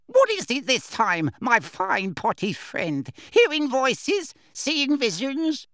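Squeaky taunting little poltergeist, way up high, stretches every word into a mocking singsong, storybook reading. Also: male voice, wildly swooping pitch, slow, a bit bright, no room sound, clean studio sound, full character voice. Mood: gleeful taunting. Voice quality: high, shrill, sing-song. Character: cackling mischievous male poltergeist, little, taunting. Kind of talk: audiobook character voice.

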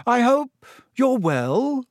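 A man's voice: extremely high pitch, big pitch swings, very slow, dry recording, studio quality, pitched above the performer's own voice, full character voice. A man voicing a pompous, lofty teenage head boy in a storybook reading, solemn and stuffy.

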